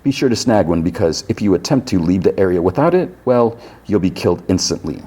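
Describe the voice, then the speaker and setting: A man voicing a grandiose male tournament host who announces the rules slowly and theatrically. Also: deep voice, lively intonation, warm tone, slightly rough.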